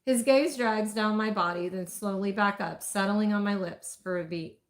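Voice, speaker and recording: Woman, romance audiobook narrator, intimate measured reading, mid pitch. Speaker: audiobook reader. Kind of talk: first-person romance narration.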